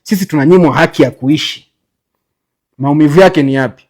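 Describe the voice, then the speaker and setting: A man lectures bitterly and sarcastically in a critical commentary. He talks fast in a fairly high voice. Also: a little mellow.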